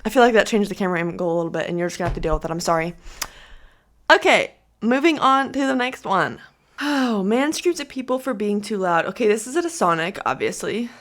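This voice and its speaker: A woman speaks straight into her camera in a casual reaction vlog. She is chatty and exasperated, filling her talk with "like". Her pitch sits in an ordinary middle range. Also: lively intonation, fast talker. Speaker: commentary vlogger.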